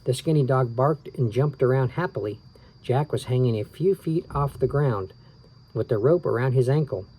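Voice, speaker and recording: A man reading a children's book aloud, relaxed and tired, stopping for small asides and rereading his slips. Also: medium pitch, normal speed, slightly rough, rough recording. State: tired, yawning. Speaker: reader of children's books.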